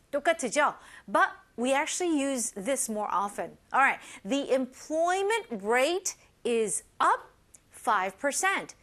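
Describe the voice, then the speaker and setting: A woman teaching an English lesson in a lively way, mixing Korean explanations with English example lines. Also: high voice. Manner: lively, switches between Korean and English, gives model dialogue lines. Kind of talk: bilingual language lesson.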